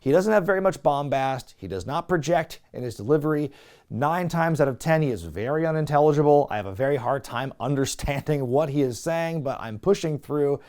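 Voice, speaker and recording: A man's voice: a little high, animated, fairly quick, a little mellow. A man hosting a wrestling review show, giving a casual, sarcastic recap and talking to viewers as folks. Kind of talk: casual comedic recap commentary.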